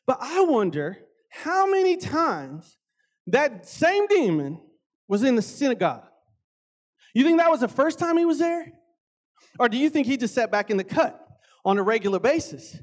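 A man preaching a casual sermon, animated and conversational, often acting out voices. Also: very high-pitched, moderate pace.

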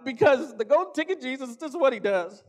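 A man preaching a conversational sermon, animated, stretching key words for emphasis and often turning to the audience with asides. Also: extremely high pitch, fast talker.

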